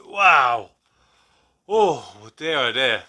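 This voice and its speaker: A man's voice: mid-range voice, sing-song, drawn-out words, background noise. A man hosting a reaction video who comments casually and breaks into amazed exclamations.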